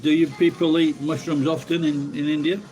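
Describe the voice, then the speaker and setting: A man eats while talking to his viewers in a vlog, chatting casually, rambling and thinking out loud, with music playing behind him. He speaks at a normal speed in a slightly high, level voice with a darkish tone, and the recording quality is low.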